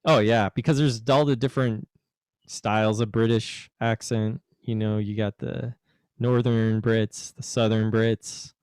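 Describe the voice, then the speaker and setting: A man's voice: on the low side, steady tone, a little slow, darkish tone, clear, resonant tone, dry recording, studio quality. A man hosting a casual podcast chat, teasing and rambling as he talks. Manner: teasing, rambling, puts on a joke British accent. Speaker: podcast host.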